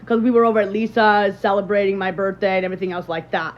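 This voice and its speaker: A woman's voice: medium pitch, flat delivery, quick pace, dull audio. A young woman from Illinois chatting casually on a livestream and telling a rambling story to her viewers, full of fillers and restarts.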